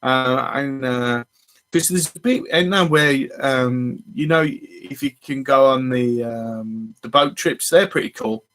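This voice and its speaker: A man's voice: medium pitch, slow, fairly bright tone. A man hosting a fishing channel, chatting casually on a live stream and greeting viewers as they arrive.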